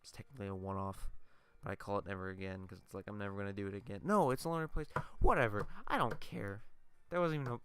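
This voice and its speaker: A man's voice: on the low side, fast talker, hardly any pauses, fairly bright tone, clear, resonant tone. A tired man giving casual gameplay commentary, telling a rambling, profane story full of tangents. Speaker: let's play gamer.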